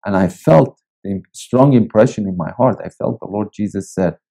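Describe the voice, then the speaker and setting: A male pastor reading and preaching a devotional in a slow, deliberate way with long pauses. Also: lowish voice, gravelly, dark tone, muffled recording. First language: Persian.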